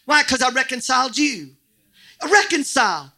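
Lively high-voiced preacher man. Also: fast talker. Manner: animated, jokey preaching with bursts of shouting. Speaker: pastor. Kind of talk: sermon. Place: church.

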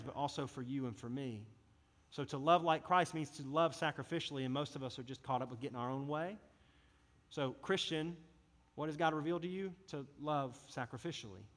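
A man's voice: fairly high pitch, a bit bright. A man preaching a sermon as a youth pastor, earnest and impassioned in a conversational way. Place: church service hall. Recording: reverberant hall.

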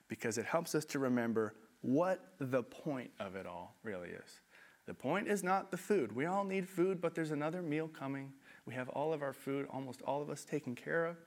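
A man preaching a sermon in a conversational, animated way, with self-deprecating asides. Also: mid-range voice. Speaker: pastor.

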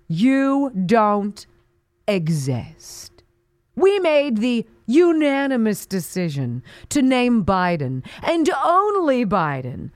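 A woman's voice: fairly high pitch, dry recording. A woman hosting a talk radio show, delivering an indignant, sarcastic monologue with mocking asides.

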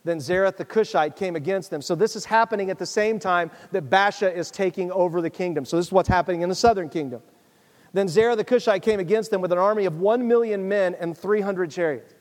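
In a hall that throws back a long echo, a high-voiced male pastor preaches casually and conversationally at a brisk pace. His sermon alternates between scripture readings and direct appeals to his audience.

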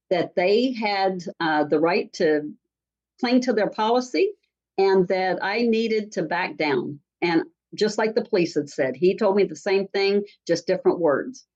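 A woman from Alaska, a talk-show guest, telling a story in lively, chatty fashion with frequent ums and restarts. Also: medium pitch. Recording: dull lo-fi sound.

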